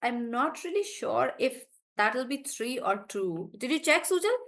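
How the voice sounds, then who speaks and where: On a live online class over video, a woman with a slightly high voice for a woman teaches pronunciation in a sing-song, encouraging way, speaking warmly and praising her students' answers. When she models a word, she slows down and draws each syllable out separately.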